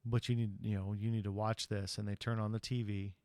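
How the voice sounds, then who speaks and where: A man with a lowish voice talks through a film's plot in a loose, casual podcast recap. He rambles and hedges with frequent ums. The sound is dry and close, with no room echo. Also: flat delivery, brisk, darkish tone. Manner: rambling, chatty retelling with frequent ums and you-knows. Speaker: podcast host.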